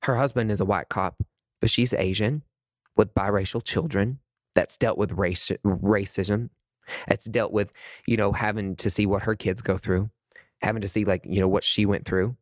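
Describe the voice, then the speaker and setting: A man's voice: on the low side, fairly even intonation, normal speed, no room sound, studio quality. A man hosting a podcast, talking in a heated, rambling way with many restarts. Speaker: podcast host. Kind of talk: casual podcast monologue.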